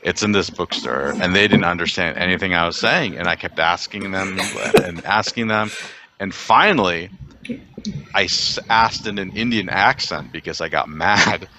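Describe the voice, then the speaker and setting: A man co-hosting a podcast, chatting casually as an animated storyteller with enthusiastic exclamations. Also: low voice, moderate pace, noisy background. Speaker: podcast co-host. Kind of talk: casual chat.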